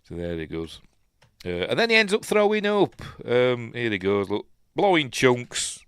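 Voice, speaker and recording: A man's voice: mid-range voice, big pitch swings, measured pace, fairly bright tone, clear, resonant tone, dry recording, clean studio sound. A man with a Yorkshire accent hosting a film review podcast, talking casually through the film and chuckling at his own asides.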